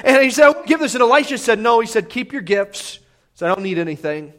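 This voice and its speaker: A man's voice: extremely high pitch, lively intonation, fast, fairly bright tone. A man preaching a sermon, retelling a scripture story conversationally, with frequent restarts and acted-out dialogue. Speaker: pastor. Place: church sanctuary.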